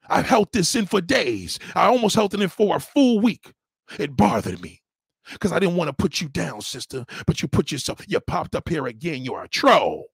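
A man's voice: on the high side, big pitch swings, fairly quick, gravelly, breathy edge, no room sound, studio quality. A man hosting a livestream, scolding a viewer in a heated, repetitive rant. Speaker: livestream host. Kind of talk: ranting commentary.

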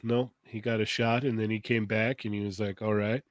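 A man's voice: lowish voice, little pitch movement, fairly quick, no room sound. A man in casual conversation, jumping in to add his side of a shared story. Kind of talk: casual chat.

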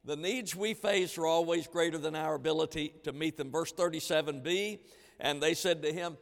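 Preaching pastor in a reverberant hall. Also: male voice, on the high side, moderate pace. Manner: preaching with dramatized quotes of disciples. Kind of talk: sermon. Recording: long reverb of a large hall.

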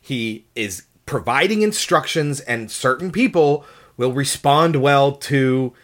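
A podcast co-host talking in a measured, explanatory way during a casual film discussion. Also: mid-range voice, lively intonation, fairly bright tone.

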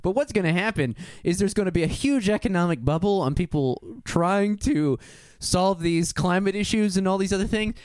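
A man co-hosting a casual chat who laughs often, swears and rambles excitedly. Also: high voice, normal speed, few pauses, clean tone, no room sound, clean studio sound. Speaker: podcast co-host.

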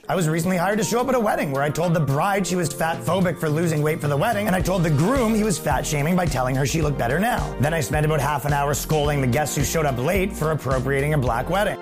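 A man's voice: fairly high pitch, quick pace, hardly any pauses, over music. A man performing a satirical comedy sketch, scolding and mock-lecturing his listeners.

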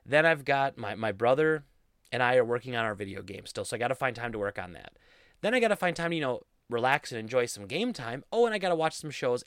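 A man's voice: medium pitch, a bit bright, no echo. A young man hosting a casual solo podcast, rambling in a goofy, self-deprecating way into a studio mic. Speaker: podcast host.

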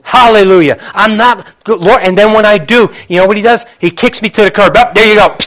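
Middle-aged male pastor, high voice, lively conversational preaching with acted-out asides. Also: fairly quick. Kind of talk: sermon.

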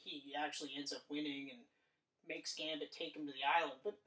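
A woman co-hosting a casual movie chat, critiquing films in a blunt, animated way with plenty of swearing. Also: low voice, brisk. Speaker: podcast co-host. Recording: roomy, distant mic.

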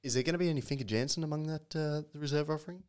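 A man's voice: fairly high pitch, racing, darkish tone, clean tone. A man hosting a casual podcast interview, upbeat and playful. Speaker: podcast host.

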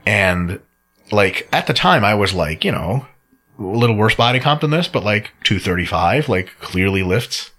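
Bright-voiced man telling a profane gym story. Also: on the low side, animated, moderate pace. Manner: profane storytelling, laid-back. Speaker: podcast host. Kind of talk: casual chat.

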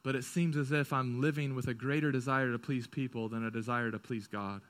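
A male pastor preaching a sermon, moving from quick, urgent stretches to hushed, slow ones. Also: mid-range voice, fairly even intonation.

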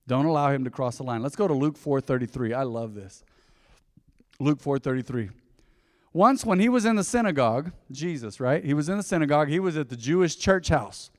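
A man's voice: a little high, expressive, a little fast. A male pastor preaching a sermon in a conversational way, often asking the congregation questions. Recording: long reverb of a large hall.

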